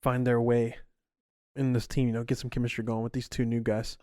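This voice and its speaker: A man's voice: mid-range voice, level tone, brisk, dark tone, dry recording, clean studio sound. A young man co-hosting a podcast, talking sports in a laid-back way with slang. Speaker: podcast co-host. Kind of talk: casual chat.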